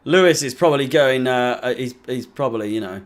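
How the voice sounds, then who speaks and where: A man's voice: medium pitch, brisk. A young man from England hosting a live football watch-along, deflated, sweary and sarcastic. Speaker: fan channel host.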